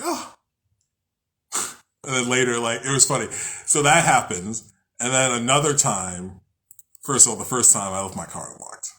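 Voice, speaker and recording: A man's voice: mid-range voice, fairly bright tone. A man hosting a casual spiritual talk, rambling, joking and swearing freely as he reads from a book. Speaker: host.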